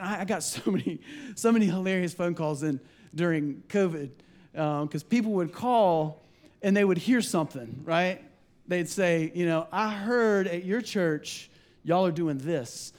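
A pastor with a fairly high voice preaches a sermon from the pulpit. He's animated, slipping into acted-out quotes and conversational asides.

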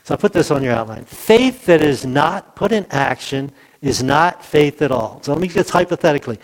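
Over poor audio, a male pastor with a voice on the high side preaches expressively at normal speed. His sermon is conversational as he questions the congregation and acts out quotes from the characters in the story.

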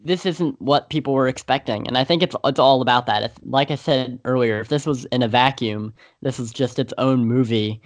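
A man's voice: mid-range voice, normal speed, hardly any pauses, no echo. A man co-hosting a podcast, talking in a rambling, hesitant way with many fillers in a casual movie review chat. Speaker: podcast co-host.

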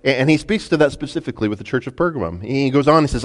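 A man preaching a sermon, retelling a story with lively, dramatic delivery and frequent restarts. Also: medium pitch, rapid-fire, hardly any pauses, in a large hall. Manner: storytelling, animated, acts out quotes. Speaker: pastor.

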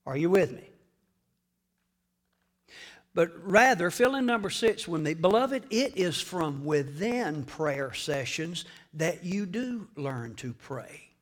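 A man preaching a sermon to a church congregation, swinging between hushed whispers and loud, dramatic shouting. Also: fairly high pitch, lively intonation, takes it slowly. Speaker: pastor.

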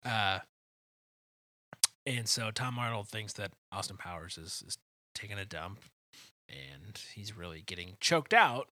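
A man's voice: animated, unhurried, sharp tone, no echo. A man co-hosting a casual movie chat, laughing often and breaking into quotes. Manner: laughs often, acts out movie quotes in high silly voices. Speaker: podcast co-host.

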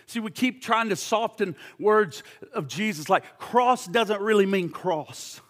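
A man preaching a sermon in a notably high, bright voice. He builds to loud, fervent passages, then drops to hushed, intense stretches, often repeating words as he presses his point. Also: a little slow. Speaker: pastor.

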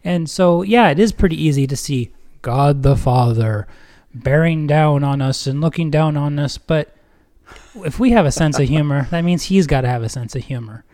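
A man co-hosting a casual faith podcast, upbeat and quick to laugh, often repeating words as he talks. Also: a little high, warm tone. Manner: upbeat, stumbling, laughs easily. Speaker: podcast co-host.

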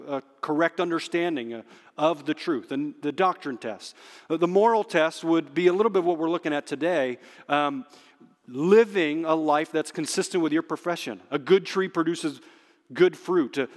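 A man preaching a sermon as pastor, emphatic and slowing down on key phrases. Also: a little high. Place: church sanctuary under stage spotlights. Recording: long hall reverb.

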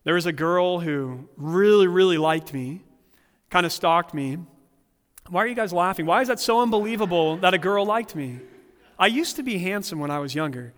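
Man pastor with a high voice, preaching earnestly and telling funny personal stories; long hall reverb. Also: expressive, moderate pace. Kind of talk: sermon.

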